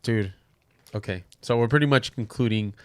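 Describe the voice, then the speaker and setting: A man's voice: fairly low pitch, moderate pace, darkish tone, clear, resonant tone, no echo, studio quality. A man in his thirties hosting a podcast, talking in a casual, slangy way, joking and laughing often. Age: 30s. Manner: laid-back, slangy, laughs and jokes. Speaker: podcast host. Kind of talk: casual chat.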